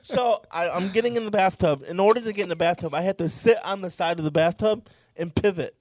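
A young man with a high voice tells a story in loose, rambling chat. He swears freely and keeps breaking into laughter. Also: quick pace, a little mellow. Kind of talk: casual chat.

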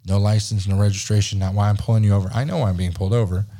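A man in his thirties, a podcast host telling a story in casual chat, animated and profane, acting out the dialogue. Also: lowish voice, rapid-fire.

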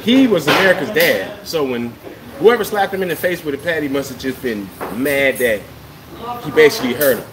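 Laid-back slangy guy co-hosting, loud crowd noise all around him. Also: on the high side, expressive, a little fast, poor audio. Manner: loose slangy banter, swings loud when hyped. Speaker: podcast co-host. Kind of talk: casual chat.

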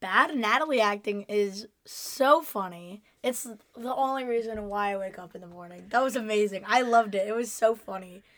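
A young woman co-hosting a casual chat, laughing often and reacting with quick agreement. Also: mid-range voice, a bit bright, no echo. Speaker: podcast co-host.

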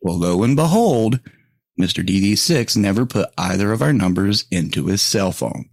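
A man's voice: fairly low pitch, animated, moderate pace, creaky, a little mellow, no room sound, clean studio sound. A male podcast host in casual chat, swearing freely, laughing often and rambling through stories.

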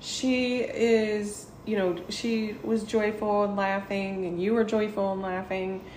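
Slow-talking woman in an echoey room. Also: medium pitch, flat delivery, darkish tone. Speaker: podcast co-host. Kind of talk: casual chat. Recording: roomy echo with faint noise.

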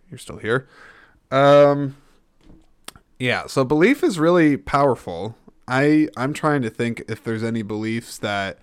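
A man's voice: on the low side, clean tone, dry recording, clean studio sound. A man hosting a solo podcast, rambling and thinking aloud, often stopping and restarting. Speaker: podcast host. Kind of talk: casual solo podcast talk.

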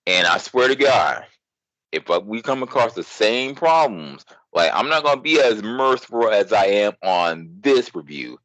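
A man's voice: on the low side, lively intonation, moderate pace, a bit bright, no echo, poor audio. A man hosting a casual gaming chat, speaking in a laid-back, blunt, profane way. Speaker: podcast host.

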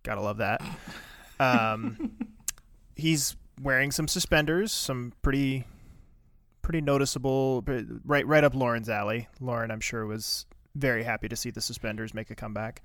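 A man co-hosting a podcast, giving episode details and wry, relaxed commentary. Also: mid-range voice, normal speed, dry recording, studio quality. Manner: relaxed, wry, reads episode credits and ratings. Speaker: podcast co-host. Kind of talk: casual chat recapping a TV episode.

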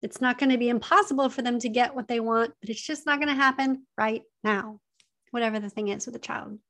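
Earnest woman giving advice, slightly high voice. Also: steady tone, brisk, fairly bright tone. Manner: earnest, repeats key points, conversational fillers. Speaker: advice speaker on emotional abuse. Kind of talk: direct-to-camera advice talk.

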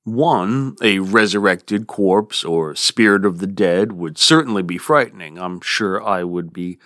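A man hosting a literature podcast, explaining a poem in an expressive, lively way with playful asides. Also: low-pitched, a little slow, dry recording, studio quality. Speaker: podcast host. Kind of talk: literature lecture.

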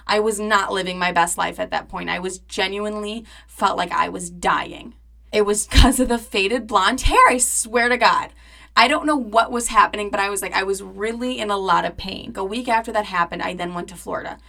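A young woman in her twenties talks through a personal story on her podcast. Her voice is bright and crisp. She is chatty and dramatic, leans on "like" constantly, and swears freely. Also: mid-range voice, moderate pace. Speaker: podcast host. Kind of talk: casual storytelling monologue.

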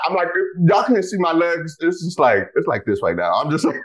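A man in his twenties hosting a podcast, talking excitedly and casually with lots of exclamations. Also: fairly high pitch, brisk, poor audio. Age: 20s. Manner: bubbly, animated, lots of exclamations. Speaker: podcast host.

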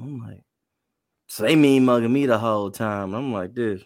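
A man's voice: mid-range voice, normal speed, dry recording, studio quality. A man co-hosting a podcast in casual chat, laughing often. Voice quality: gravelly, animated, laughs often. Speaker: podcast co-host.

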